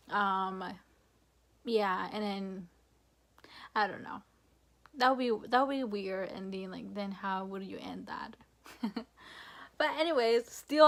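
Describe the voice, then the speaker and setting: A young woman vlogging a casual, rambling rant, frustrated and full of fillers and swearing. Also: medium pitch.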